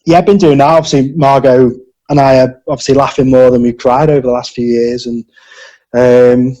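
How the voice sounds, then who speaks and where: A man in his early forties from Britain talks casually as a podcast guest. He hesitates often, restarting his sentences and leaning on fillers, in a voice of ordinary male pitch. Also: little pitch movement, dark tone, dull audio. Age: 40s. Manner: halting, with many restarts and fillers. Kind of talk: casual interview chat.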